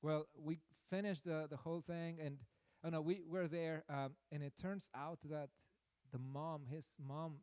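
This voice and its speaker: Smooth-voiced man preaching, rambling and self-deprecating. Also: fairly high pitch, steady tone, unhurried, a little mellow, no room sound. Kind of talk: sermon storytelling.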